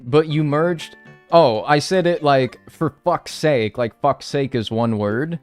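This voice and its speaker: Here a man provides live gameplay commentary on stream, bantering with chat and cursing liberally in an animated way. He has a higher-pitched voice and speaks unhurriedly over faint background music.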